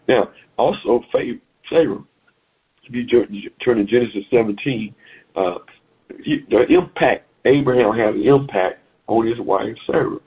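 Gravelly preacher over a phone line. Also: male voice, mid-range voice. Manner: repetitive, exhorting, sing-song preaching cadence. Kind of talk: sermon over a phone call.

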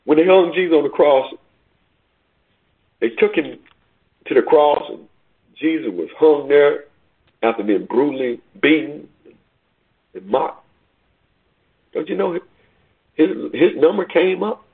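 A man's voice: a little high, animated, measured pace, long pauses, slightly rough. A man preaching a sermon, repeating himself and building to rising, urgent questions. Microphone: phone call line. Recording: tinny phone line.

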